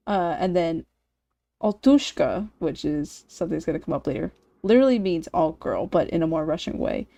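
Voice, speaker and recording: A woman streaming a game, excitable and casual, swearing freely and laughing often. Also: lowish voice, creaky.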